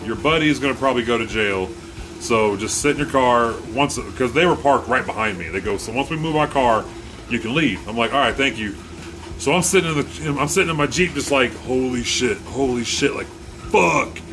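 A man's voice: mid-range voice, a little fast, noisy background. A man casually telling a story with lots of swearing, acting out the voices of the people in it. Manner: profane, animated, acts out quotes.

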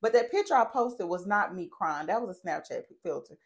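Profane, animated woman podcast host. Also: medium pitch, brisk. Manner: animated, profane, talks straight to listeners. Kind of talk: casual solo podcast rant.

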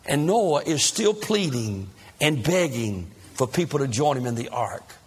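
A man's voice: medium pitch, sing-song, measured pace, husky. A man preaching a sermon as a dramatic, repetitive story.

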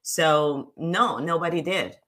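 A woman in her fifties from Peru talks as a podcast guest, her first phrasing plain in her English. She is sick, so her voice comes out rough and very low. She giggles easily between her answers. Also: lively intonation, slow pace. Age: 50s. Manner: warm, giggly, speaks in simple phrasing. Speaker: guest, author and coach. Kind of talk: casual interview chat.

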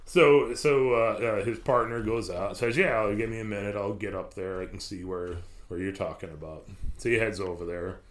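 A man with a fairly low voice spins a creepy story as casual podcast talk. He rambles, swears freely and keeps restarting his sentences as he goes. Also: normal speed. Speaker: podcast host telling a story.

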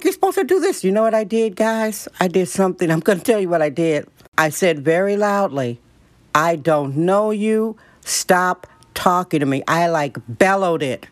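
A woman's voice: medium pitch, dry recording. Blunt, opinionated woman podcast host. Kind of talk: casual monologue to listeners.

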